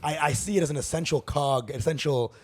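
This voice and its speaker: A man comedian co-hosting a casual podcast, rambling and breaking into loud laughs and outbursts. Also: fairly high pitch, brisk, slightly rough, no echo, studio quality. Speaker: comedian co-host.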